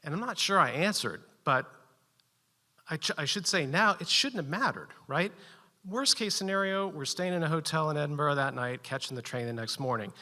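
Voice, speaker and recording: A man telling a personal story live at a story slam, animated and building suspense with short, punchy sentences. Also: fairly high pitch, moderate pace, long reverb tail.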